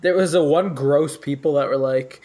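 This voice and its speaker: A man's voice: on the high side, normal speed, crowd noise. Young man, joking podcast co-host. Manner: joking, slangy, mocking impressions. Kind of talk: casual chat.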